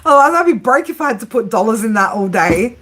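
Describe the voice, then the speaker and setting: A woman's voice: fairly high pitch, animated, fast talker, a bit bright, slight background noise. A woman in her thirties giving a casual tarot reading to camera, blunt and chatty, swearing freely, laughing often and ending her points with "right?". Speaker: tarot reader and psychic.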